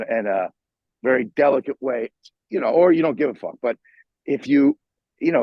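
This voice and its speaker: Over a muffled video call, a middle-aged New York guitarist appearing as a guest swears his way through a lively, casual interview story, restarting often. His voice is husky and ordinary in pitch. The audio is dull and dry, with no room sound.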